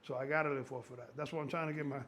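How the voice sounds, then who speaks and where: A man in his sixties, a strength coach, talking casually in an excitable, profane, rambling way with a gravelly voice. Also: mid-range voice, racing, a little hiss or hum. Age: 60s. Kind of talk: casual conversation.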